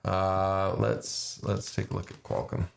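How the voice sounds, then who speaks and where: A man with a very deep, gravelly voice talks casually through option trades on a livestream. He thinks aloud, trailing into fillers and restarting his sentences. The sound carries a noticeable room echo. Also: monotone, slow. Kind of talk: casual live market commentary.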